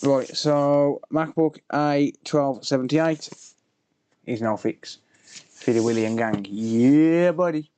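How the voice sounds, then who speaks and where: A man's voice: medium pitch, fairly even intonation, takes it slowly, a little mellow, slight background noise. A man livestreaming a repair, muttering to himself and chatting offhand with joking asides. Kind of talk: casual livestream chatter while working.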